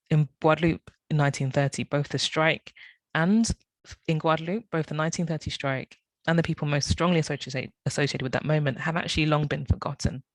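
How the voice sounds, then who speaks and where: A man's voice: a little high, dry recording, low-quality recording. Man reading a talk from notes. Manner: reads from notes, with frequent self-corrections and apologies. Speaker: academic speaker.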